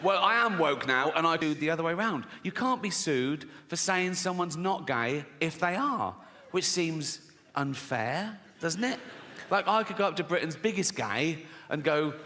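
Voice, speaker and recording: A man's voice: fairly high pitch, lively intonation, measured pace, slight background noise. A man doing stand-up comedy, sardonic and profane, often breaking into laughter. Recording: reverberant live venue, loud ambience.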